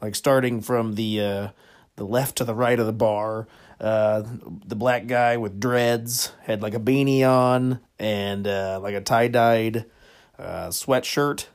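A man's voice: lowish voice, steady tone, slow. A man hosting a comedy podcast, telling rambling stories with frequent chuckles. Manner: rambling, chuckles often, lots of fillers. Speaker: podcast host. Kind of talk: comedic storytelling monologue.

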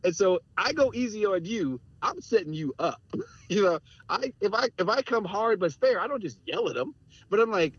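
Earnest and reflective, this middle-aged podcast guest shares candid stories from his life, with laughs between his points. He sounds high, sing-song, husky, and a bit bright at a moderate pace, on dry, dull lo-fi audio with no echo.

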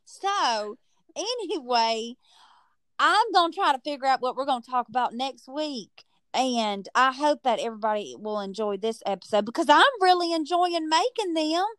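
A woman hosting a podcast, telling a story in a chatty, animated way and stretching words for emphasis. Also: sits high, moderate pace, no room sound. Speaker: podcast host. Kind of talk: casual storytelling chat.

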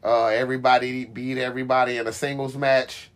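A man's voice: mid-range voice, little pitch movement, brisk. A man hosting a casual wrestling podcast, talking emphatically and teasing his co-host.

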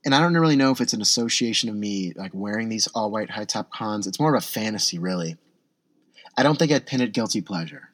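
A man's voice: on the low side, animated, fast talker, dry recording. A young man talking in a rambling, self-deprecating casual monologue, often restarting his sentences.

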